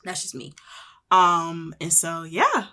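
Young woman host, casual storyteller, bright and slightly low-pitched, animated. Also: slow pace. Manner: chatty and animated, acting out quoted voices.

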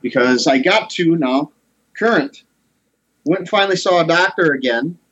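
A man's voice: a little high, lively intonation, normal speed, a bit bright, lo-fi sound. A man in his forties earnestly telling a personal story in a casual conversation. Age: 40s. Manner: earnest, heartfelt.

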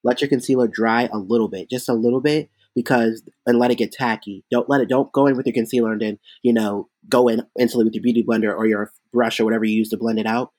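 A man who performs as a drag queen, telling chatty, animated stories in a casual interview, with lots of fillers. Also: mid-range voice, quick pace, few pauses, no echo.

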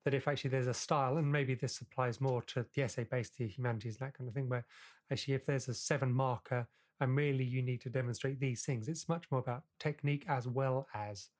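A man's voice: mid-range voice, steady tone, brisk. A man, hosting a parenting podcast, thoughtful and hedging in a conversational interview.

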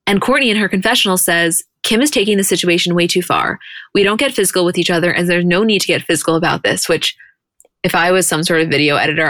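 A woman co-hosting a podcast, recapping a show in casual chat and quoting people in quick animated bursts. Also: on the low side, dry recording, clean studio sound. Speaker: podcast co-host.

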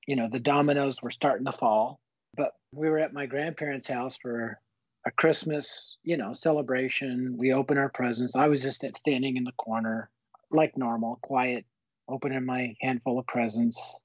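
A man in his fifties, a guest telling his personal faith story in an earnest, animated, folksy way. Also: mid-range voice, moderate pace, no room sound. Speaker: guest author. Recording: slightly muffled, dull recording.

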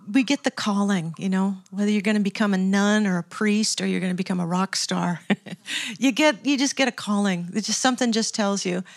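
Chatty older woman recalling her path. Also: mid-range voice. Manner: reflective, chatty, laughs often, frequent restarts. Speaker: guest, record producer turned scientist. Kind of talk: casual interview storytelling.

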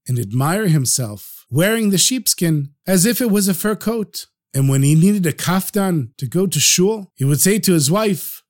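A male storyteller narrating a traditional tale for his podcast. His voice sits high for a man, and he tells the story expressively, breaking into the voices of the characters. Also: moderate pace, few pauses. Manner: warm, expressive, acts out the characters.

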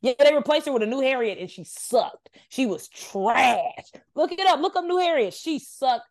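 A woman's voice: sits high, lively intonation, normal speed, dry recording, studio quality. A woman co-hosting a podcast in casual group chat, blunt and laughing, talking over a video call. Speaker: podcast co-host.

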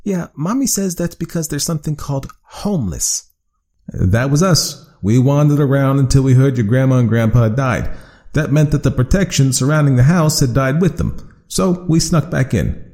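A man's voice: mid-range voice, animated, normal speed, a little mellow, pitched above the performer's own voice, natural voice. A man voicing a chatty, friendly male creature from a storybook, talking casually with many fillers. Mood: reassuring.

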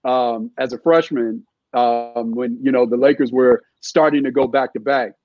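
A man's voice: mid-range voice, steady tone, normal speed, narrow, tinny audio. A man in his fifties from California, a guest giving emphatic podcast sports analysis, repeating his points and building arguments with analogies. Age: 50s. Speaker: guest, former sportswriter and scout.

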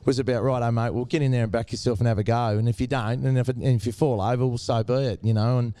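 A middle-aged Australian man, a former cricketer, telling stories in a relaxed interview and saying "mate" all the time. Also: mid-range voice, fast, dry recording. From Tasmania, Australia. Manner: laid-back, says mate a lot. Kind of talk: casual interview storytelling.

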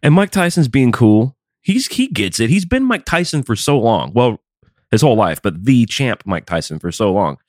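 A man co-hosting a casual podcast, telling stories in an animated, profane way. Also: medium pitch, normal speed, no echo, clean studio sound.

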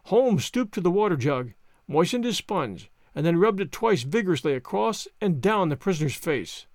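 A man narrating a story in an expressive, animated reading style. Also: high voice, normal speed, dry recording, studio quality. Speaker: audiobook narrator.

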